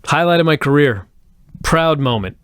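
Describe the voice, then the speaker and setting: Joking male co-host, wry banter, lively pitch, dry close mic. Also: moderate pace, smooth, dry recording. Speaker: podcast co-host reviewing wrestling. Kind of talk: casual review chat.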